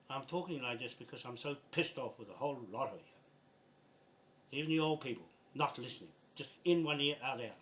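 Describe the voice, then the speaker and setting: A man's voice: medium pitch, lively intonation, fairly quick, fairly bright tone, slight background noise. Exasperated older New Zealand man ranting. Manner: exasperated, blunt, swearing, repeats himself. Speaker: land rights activist. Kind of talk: frustrated video message.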